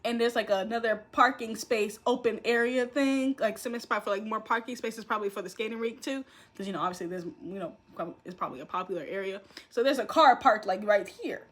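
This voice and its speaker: A woman's voice: a little high, fairly quick. A young woman casually recapping a reality show, telling the story with lots of laughter and acted-out quotes. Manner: animated storytelling, acting out quotes, frequent laughter. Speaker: commentary vlogger.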